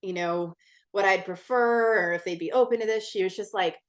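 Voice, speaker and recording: A woman with a mid-range voice and moderate pace is the guest on a podcast, telling a personal story in a relaxed interview. She talks chattily and with candid intensity, dropping swear words and plenty of "like"s.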